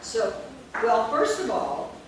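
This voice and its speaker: Speaking slowly in a voice on the high side, she is very animated as she leads teachers through phonics training, drilling sounds and syllables and quizzing them. The mic is distant, and the echoey room makes for a noisy recording.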